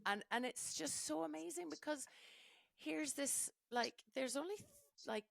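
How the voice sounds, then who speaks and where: A middle-aged woman, a ski mountaineering race commentator, chatting as a podcast guest in a gushing, animated way with many restarts. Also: sits high, measured pace, gravelly, no echo. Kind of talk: casual podcast chat.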